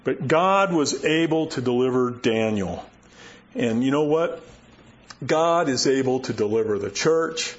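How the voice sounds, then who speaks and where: A man's voice: medium pitch, lively intonation, measured pace, muffled recording. A male pastor preaching a conversational sermon, often checking in with his listeners. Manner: folksy, asks listeners "right?" and "okay?".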